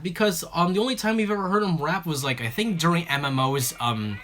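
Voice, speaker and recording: A host casually commenting on a livestream, excitable and chatty, with many fillers and restarts. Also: mid-range voice, a little fast. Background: faint background music.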